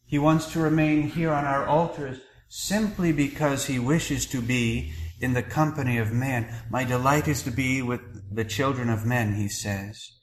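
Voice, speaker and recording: A man preaching a sermon as a priest, earnest and measured, pausing between phrases. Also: mid-range voice, fairly even intonation, reverberant, a little hiss or hum, rough recording. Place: church.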